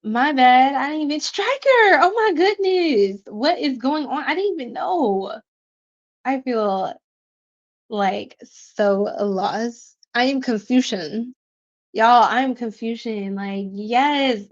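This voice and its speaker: A woman's voice: a little high, slow. A woman hosting a tarot livestream, chatting casually and bubbly with her viewers, reading their comments aloud, laughing often and using slangy asides. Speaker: tarot reader livestream host. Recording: dull lo-fi stream audio.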